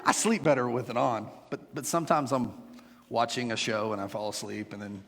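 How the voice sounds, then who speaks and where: A middle-aged man preaching a sermon as pastor, animated and joking with playful asides to his congregation. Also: mid-range voice, a little fast, in a large hall, slight background noise. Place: church sanctuary.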